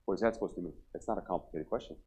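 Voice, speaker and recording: A man in his forties, a pastor preaching a revival sermon, joking and telling stories, then pressing his point loudly. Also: low-pitched, very fast, husky. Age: 40s. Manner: humorous storytelling, rising to loud emphatic preaching. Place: church sanctuary.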